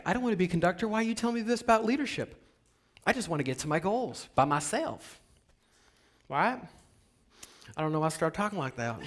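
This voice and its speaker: A man giving a motivational seminar talk to an audience, asking them questions and swinging from hushed whispers to loud, emphatic bursts. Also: fairly high pitch. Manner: addresses the audience directly with rhetorical questions. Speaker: motivational speaker.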